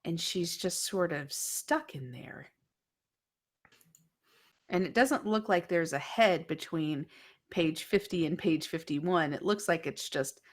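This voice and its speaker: A woman narrating a tabletop horror game as game master, often dropping to a hushed whisper. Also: lowish voice, animated, slow. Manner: hushed, dreamy storytelling that drops to whispers.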